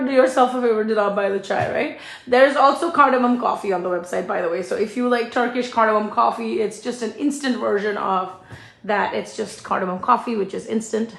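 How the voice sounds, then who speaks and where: A woman's voice: a little high, roomy sound. A middle-aged woman telling a story in a chatty cooking vlog, laughing often and mimicking voices. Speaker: cooking channel host and small shop owner.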